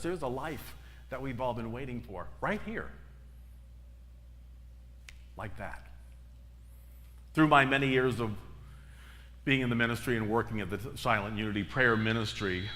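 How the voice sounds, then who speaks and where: A man's voice: mid-range voice, pushed and bright. A middle-aged man preaching a sermon as minister, telling stories with emphatic, repeated phrases. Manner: storytelling with emphatic repetitions. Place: church sanctuary. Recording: reverberant church hall.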